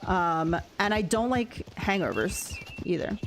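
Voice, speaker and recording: A talkative female streamer narrates her gameplay at a measured pace, drifting from one thought to another. Her animated pitch jumps around as she addresses her chat and laughs readily, with a faint hiss or hum in the background.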